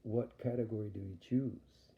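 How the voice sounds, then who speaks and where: A man voicing a brisk female game show co-host speaking in voiceover, in an audio story. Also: on the low side, steady tone, natural voice. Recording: dull lo-fi recording.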